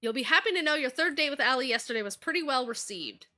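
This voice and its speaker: A woman voicing a businesslike female producer in a dating game, matter-of-fact and brisk. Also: high voice, expressive, bright, forceful tone, soft background music.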